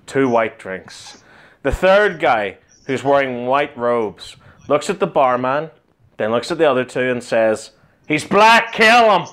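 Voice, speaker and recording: A man cohosting a podcast, telling crude stories and jokes with lots of swearing and laughter. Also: mid-range voice. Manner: profane, giggly, animated storytelling. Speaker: podcast co-host. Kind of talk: crude comedy banter.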